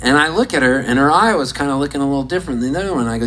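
A man performing live, telling a rambling, deadpan story to an audience and breaking into laughs now and then. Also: medium pitch, very fast, poor audio. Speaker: musician and comedian on stage. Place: stage at a live show. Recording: live recording with loud crowd. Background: audience laughing, guitar.

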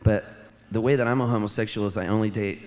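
A man's voice: on the low side, fairly even intonation, fast, a little mellow, close to an everyday voice. A man voicing a flamboyant, chatty waiter who talks bluntly about himself. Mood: boastful.

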